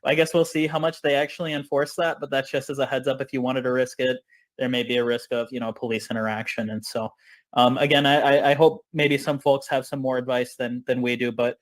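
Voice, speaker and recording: A man's voice: mid-range voice, level tone, fairly quick. Casual man organizer on a video call. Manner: casual, many fillers. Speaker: protest organizer. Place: home on a busy street.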